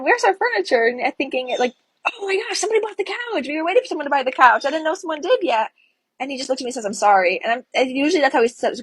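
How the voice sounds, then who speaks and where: A young woman with a high, husky voice tells of her broken engagement straight to her phone camera. Her telling is tearful and breathless, and the sound is close and dry with no room to it. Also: no room sound, poor audio. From Florida. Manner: tearful, breathless retelling of a breakup. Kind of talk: emotional storytelling to camera.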